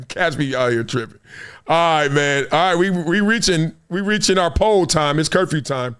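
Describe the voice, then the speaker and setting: A man's voice: a little high, a little slow, a bit bright, clear, resonant tone. A fifty-year-old man hosting a podcast, telling slangy stories, acting out the voices in them and laughing often. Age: 50s. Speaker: podcast host. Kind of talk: animated storytelling.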